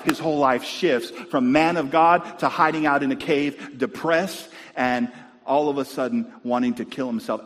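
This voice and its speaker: A male pastor preaching a sermon, animated and calling out to his congregation. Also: medium pitch. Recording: long reverb in a church hall.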